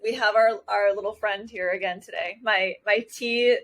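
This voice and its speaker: A woman's voice: medium pitch, fairly even intonation, normal speed, fairly bright tone, slight background noise. A woman co-hosting a podcast from Hawaii in a casual chat, bubbly and giggly with frequent exclamations. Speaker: podcast co-host.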